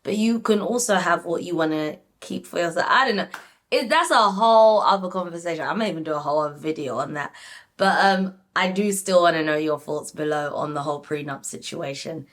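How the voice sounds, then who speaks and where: A young woman casually reviewing a reality show, animated and talking straight to her viewers with lots of "like". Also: on the low side, brisk. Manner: animated, frequent "like", addresses viewers. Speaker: reality TV recap YouTuber.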